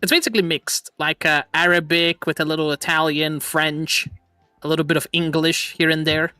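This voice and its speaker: A young man chats on his stream, his voice bright and laughter never far away. The sound is dry and close, with faint music playing underneath. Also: on the high side, fairly even intonation, normal speed, clean tone, no room sound. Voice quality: giggly, laughs often. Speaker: VTuber streamer host. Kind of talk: casual chat.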